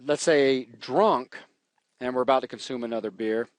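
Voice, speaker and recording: A man teaching programming in a relaxed, jokey way while he types, walking through code on a live stream. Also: medium pitch, moderate pace, dry recording. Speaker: programming instructor. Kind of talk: live coding tutorial.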